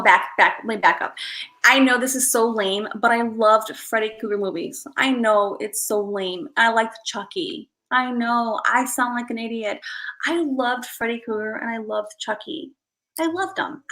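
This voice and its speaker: A woman's voice: a little high, fairly bright tone, low-quality recording. A woman in her thirties chatting casually with her stream viewers, rambling and self-deprecating. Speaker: live streamer.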